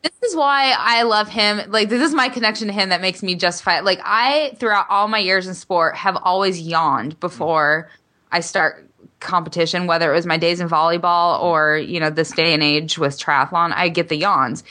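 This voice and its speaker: A woman's voice: on the low side, normal speed, pushed and bright. A woman co-hosting a podcast, chatting in a bubbly, enthusiastic way and laughing easily. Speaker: podcast co-host, exercise physiologist. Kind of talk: casual chat.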